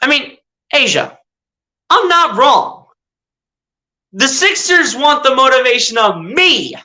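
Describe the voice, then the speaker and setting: Bright-voiced fan doing live play by play, fed up, chatty, keeps fixing slips and repeating stuff. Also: medium pitch, low-quality recording. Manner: exasperated, rhetorical questions at the team; chatty, self-correcting, repeats itself.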